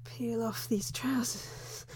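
A woman playing Candy, a breathy, flustered whispering reporter. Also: on the high side, steady tone, takes it slowly, a little mellow, no room sound, heavily acted. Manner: frantic, self-scolding, blurting curses. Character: flustered young female undercover reporter. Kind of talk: whispered role-play.

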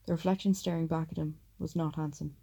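A woman reads an audiobook at a measured, steady pace. Her voice is very dark and gravelly, and she sits low with a flat, even delivery. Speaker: audiobook narrator. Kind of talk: audiobook narration.

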